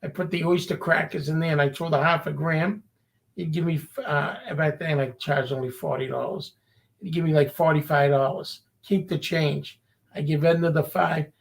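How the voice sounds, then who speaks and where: A man's voice: on the high side, steady tone, normal speed, gravelly. A man from Revere, a guest telling stories in casual chat and acting out the people he quotes. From Revere, Massachusetts. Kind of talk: casual storytelling.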